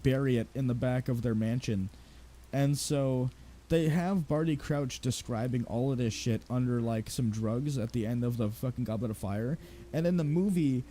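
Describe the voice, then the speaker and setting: A man's voice: mid-range voice, dark tone, a little hiss or hum. A young man ranting casually and profanely while he plays a game, rambling and sarcastic as he goes. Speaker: gaming streamer.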